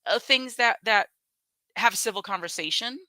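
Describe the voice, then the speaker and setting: A woman with a bright, forward voice speaks bluntly and candidly in a relaxed chat. She laughs easily. Her voice sounds close and dry, with almost no room around it. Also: mid-range voice, normal speed, no echo, poor audio. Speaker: guest. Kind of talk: casual conversation.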